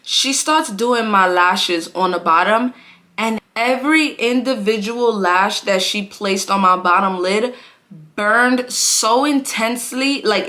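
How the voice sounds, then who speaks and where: A woman's voice: a little high, sharp tone. A young adult woman telling a story on her vlog in casual, slangy speech full of "like" and "bro". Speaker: vlogger.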